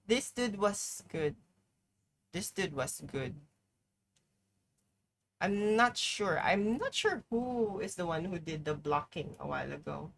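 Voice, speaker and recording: A woman's voice: on the low side, fairly bright tone, slight background noise. A woman streaming live, commenting on her game in an exasperated, profane way, peppering her talk with "like". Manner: exasperated, profane, heavy use of "like".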